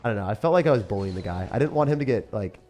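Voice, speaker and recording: A man chatting excitedly while live-streaming a mobile game, often laughing and talking to his viewers. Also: fairly low pitch, very fast, faint music behind. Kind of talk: live-stream gameplay chat.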